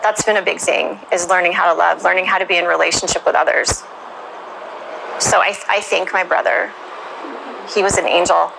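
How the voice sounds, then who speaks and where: A woman's voice: lowish voice, fairly even intonation, moderate pace, creaky, background noise. A woman telling her life story in an interview, reflective and emotional, with many "you know"s.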